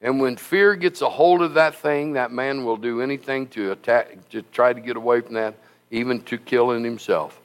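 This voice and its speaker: A man preaching a sermon, telling stories in an animated, folksy and emphatic way. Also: mid-range voice, normal speed. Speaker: pastor.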